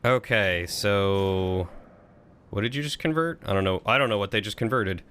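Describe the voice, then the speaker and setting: A man's voice: fairly low pitch, moderate pace, fairly bright tone, smooth. A man casually thinking aloud while streaming a strategy game, chatting with and thanking his viewers. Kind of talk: casual live-stream commentary.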